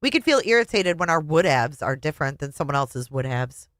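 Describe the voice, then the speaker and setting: A woman's voice: sits low, fairly quick, no room sound. A woman reading a memoir aloud with feeling and adding her own commentary as a reviewer. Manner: expressive, emotional reading. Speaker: book reviewer.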